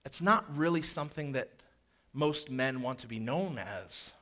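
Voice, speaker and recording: A man preaching a sermon in an animated way, with jokey asides and quoted voices that he acts out. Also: mid-range voice, a little slow. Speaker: pastor.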